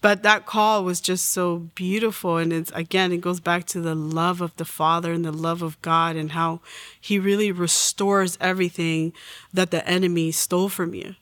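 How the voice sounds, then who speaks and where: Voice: mid-range voice, level tone, moderate pace, fairly bright tone, no echo. An adult in their forties telling a personal faith story in an earnest way, acting out the lines they quote. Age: 40s. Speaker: testimony guest.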